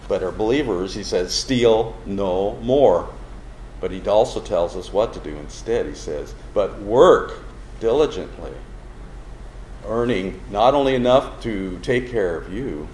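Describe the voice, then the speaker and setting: In a sermon recorded in a roomy hall with faint background noise, a pastor with a fairly low, slightly mellow voice explains a Bible verse one word at a time. His delivery is slow and deliberate, and he keeps putting questions to his listeners.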